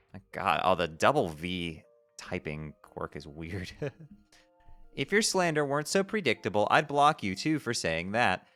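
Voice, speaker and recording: A man's voice: medium pitch, bright, forceful tone, smooth. A man streaming himself as he reads a webcomic aloud, tripping over strange words, swearing casually and breaking off to laugh and comment.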